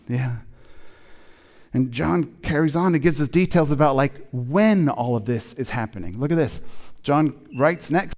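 A male pastor delivers a sermon in a church, talking to the congregation in an easy, conversational way. He leans hard on key words, then falls to a near hush on the most personal lines. His voice sits at an ordinary middle pitch for a man. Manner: conversational, emphatic preaching with sudden quiet drops.

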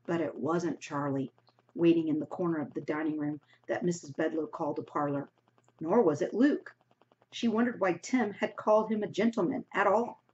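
A woman's voice: deep voice, a little mellow, a little hiss or hum. Woman teacher reading a novel aloud. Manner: pauses to explain words in a casual classroom way. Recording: dull lo-fi recording.

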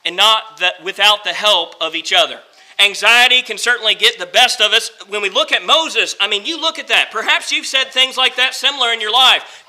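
A male pastor preaching a sermon, earnest and repetitive for emphasis, slowing down for scripture and swinging between quiet, slow lines and louder, faster ones. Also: sits high, rough recording. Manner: earnest, repeats phrases for emphasis, slows down for scripture.

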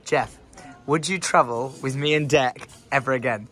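A chatty British man hosting a travel vlog, laughing often and excited as he talks. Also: medium pitch, moderate pace, music in the background. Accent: British English. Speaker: vlogger host. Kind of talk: casual travel vlog chat. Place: road trip, petrol station. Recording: crowd noise behind.

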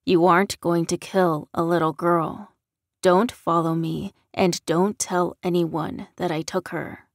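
A woman's voice: fairly low pitch, steady tone, slow pace, no echo, clean studio sound. A woman voicing a young man, a blunt and brave wolf shifter, giving curt orders in an audiobook. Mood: commanding. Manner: commanding, curt.

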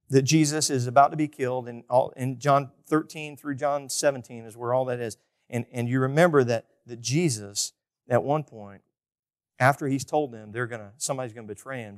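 A male pastor preaching a conversational sermon, often asking the congregation questions and swinging between loud emphasis and quiet asides. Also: mid-range voice.

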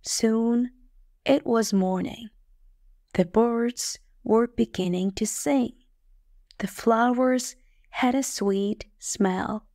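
A woman narrates a story in the first person for English learners. Her delivery is plain and clear, at a very slow pace. The sound is close and dry, with no room around it. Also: on the high side, mellow, no echo. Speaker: audiobook narrator.

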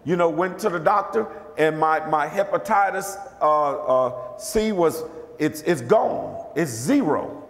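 A man preaching a lively, conversational sermon as a bishop, calling out questions to his congregation. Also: fairly high pitch, takes it slowly, echoey room, in a large hall. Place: church.

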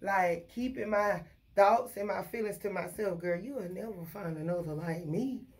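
A woman, ranting casually and bluntly about her fast-food job, full of profanity. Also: mid-range voice, darkish tone. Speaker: vlogger. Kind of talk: casual rant to camera.

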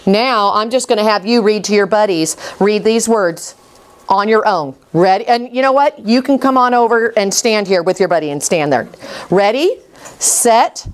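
Upbeat woman coaching kids in reading. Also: medium pitch. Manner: encouraging, upbeat praise and quick prompts. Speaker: reading teacher. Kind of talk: classroom phonics coaching.

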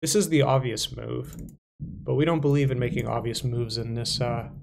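Young male chess streamer, gravelly mid voice, loose self-talk while playing. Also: medium pitch, steady tone, moderate pace, darkish tone, a little hiss or hum. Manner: casual, self-talking, playful asides and mumbles. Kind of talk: thinking aloud while playing online chess.

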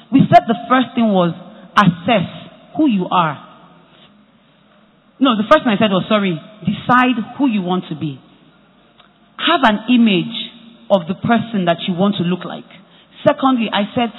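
A high-pitched man with a Nigerian accent delivers a motivational talk, stressing his points by repeating them in lively stories. His voice is slightly husky. The recording sounds thin and phone-like, with a long echo from a large hall. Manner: animated storytelling, repeats phrases for emphasis. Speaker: conference speaker.

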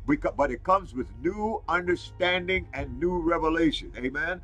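Fired-up male preacher, bright and husky, keeps shouting out praise between points; faint music underneath. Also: fairly high pitch, moderate pace, low-quality recording. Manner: exclaims "Glory to God" and "Hallelujah" often; fired up, repeats phrases for emphasis. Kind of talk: fiery Pentecostal sermon.

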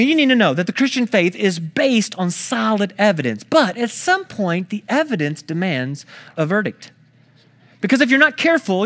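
A man's voice: high-pitched, fairly bright tone. A man preaching a sermon, talking through a scripture story in a conversational way, with storytelling asides to the congregation. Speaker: pastor.

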